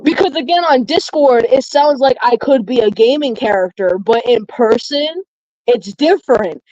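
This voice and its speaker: Woman, slightly high voice, casual rambling storyteller in a dry, lo-fi recording. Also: animated, moderate pace, darkish tone, dry recording. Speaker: chat participant. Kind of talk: casual chat.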